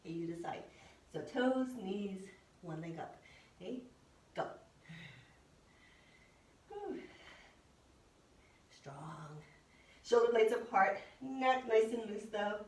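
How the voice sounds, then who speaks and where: A woman fitness instructor coaches through a pilates session with steady cues and encouraging countdowns. Her voice sits at an ordinary pitch and rings in a roomy, echoey space. She sounds a little off the mic, with faint ambient noise behind her. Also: unhurried. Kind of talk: guided workout instruction. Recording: echoey room, voice from a distance.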